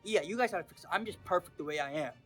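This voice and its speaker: A woman talking casually and excitably in a commentary vlog, with slang and swearing, acting out quotes. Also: lowish voice, rapid-fire, breathy edge, faint music behind. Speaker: anime video creator.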